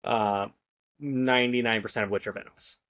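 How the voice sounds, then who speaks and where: A man's voice: mid-range voice, fairly even intonation, fairly quick, a bit bright. A man from California, a guest on a podcast, talking laid-back and casual, using "like" and "man" a lot. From California, USA. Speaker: podcast guest, reptile keeper. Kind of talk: casual interview chat.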